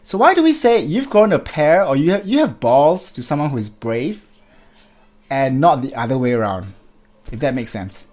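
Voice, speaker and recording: A man hosting a casual panel discussion, playful and quick to laugh. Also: a little high, sing-song, darkish tone.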